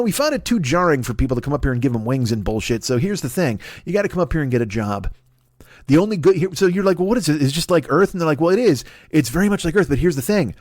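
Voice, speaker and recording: Middle-aged male comedian, solo podcast monologue, swooping lively pitch, dry close-mic sound, profane and rambling. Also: no echo. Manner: rambling, profane, acts out characters in put-on voices.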